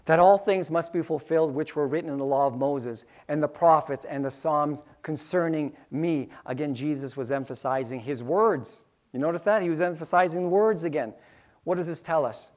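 A man's voice: fairly high pitch, moderate pace, darkish tone. A man preaching a sermon, acting out little scenes with sound effects and repeating key lines for emphasis. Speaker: pastor.

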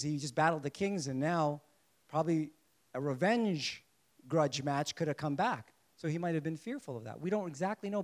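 A man preaching a sermon to a congregation in a lively way, asking them questions and joking along the way. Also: fairly high pitch. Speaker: pastor.

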